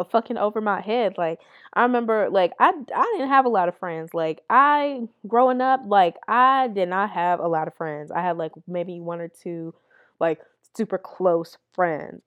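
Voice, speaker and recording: A woman's voice: fairly low pitch, lo-fi sound. A young adult woman hosting a podcast, telling candid stories in a blunt, profane way and laughing as she goes. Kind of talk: candid storytelling chat.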